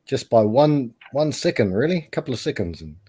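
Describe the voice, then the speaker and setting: A man in a casual group chat, playful and laughing, with a husky voice. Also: medium pitch, big pitch swings, a little fast, dark tone.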